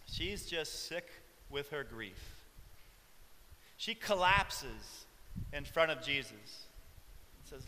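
A male preacher giving a reflective sermon, with soft chuckles along the way. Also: fairly high pitch, lively intonation, takes it slowly, long pauses, in a large hall, a little hiss or hum.

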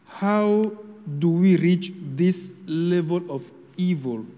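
Slow, high-voiced male preacher in a reverberant hall. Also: warm tone. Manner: slow, measured homily delivery with solemn pauses. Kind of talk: sermon.

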